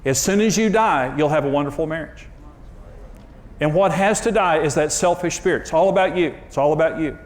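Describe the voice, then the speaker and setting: Male TV marriage teacher, slightly high pitch, earnest and emphatic, confessional. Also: fairly quick. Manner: earnest, emphatic storytelling with sudden pitch jumps; confessional, self-deprecating. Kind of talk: conversational sermon.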